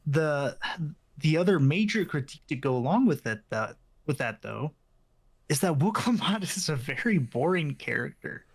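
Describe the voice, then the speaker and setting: A man in casual podcast chat, explaining his views in a measured way with many fillers. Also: on the high side, sing-song, breathy edge. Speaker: podcast co-host.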